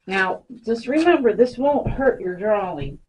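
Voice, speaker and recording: In her home craft room, a woman who vlogs about crafting talks her way through a demo in a chatty, casual manner, addressing her pets now and then as she works. She has a mid-range, slightly mellow voice with lively intonation and a somewhat slow delivery. The audio is poor, with a little background noise.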